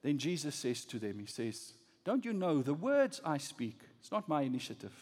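A pastor preaching a sermon, swinging from loud rising emphasis to low, soft lines. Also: male voice, sing-song, normal speed, long reverb tail.

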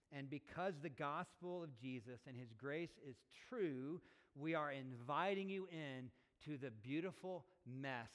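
A man preaching to his congregation in an earnest, chatty way, throwing out questions and restarting his sentences. His voice sits at an ordinary middle pitch. A long reverb trails after every phrase from a large church hall. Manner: earnest and conversational, with rhetorical questions and self-corrections. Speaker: pastor. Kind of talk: sermon. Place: church sanctuary.

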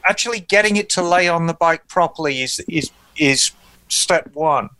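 Podcast co-host, male, high and smooth, dry close sound, easygoing explainer. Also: moderate pace. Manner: relaxed, thoughtful explaining with many fillers. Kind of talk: casual chat.

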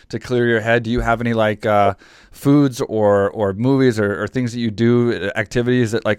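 A man's voice: lowish voice, clear, resonant tone, no room sound, clean studio sound. A man hosting a podcast, asking questions in a chatty way and often repeating words as he goes. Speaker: podcast host. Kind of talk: casual interview with ad read.

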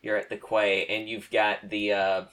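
A man running a tabletop game as game master, talking in a relaxed, halting way. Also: on the low side.

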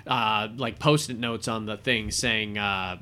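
A man in casual chat, retelling a film scene with lively storytelling and acted-out quotes. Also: on the low side, slow, smooth. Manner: animated storyteller acting out quoted lines.

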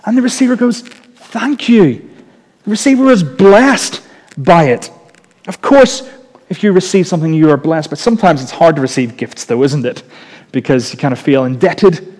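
Male preacher, high voice, joking and chatty sermon delivery, long reverb of a big church hall. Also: moderate pace. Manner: lively, joking, conversational preaching.

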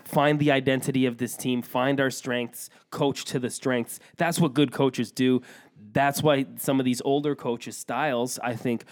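A man co-hosting a casual hockey chat, his voice sitting at an ordinary middle pitch. He talks bluntly and with strong opinions, dropping jokes and teasing his co-host along the way. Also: fairly even intonation, measured pace.

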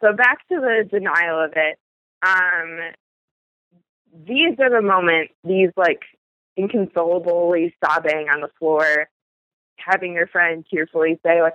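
A podcast host telling a personal story candidly, in a halting, thinking-aloud way. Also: mid-range voice, dry recording, phone-quality sound.

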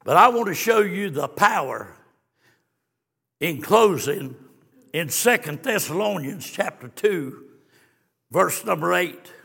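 Preacher guy, high gravelly voice, slow and drawn out, hushed then shouting, long church reverb. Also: very animated. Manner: swings from hushed storytelling to shouted exclamations. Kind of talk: fiery sermon. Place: church sanctuary.

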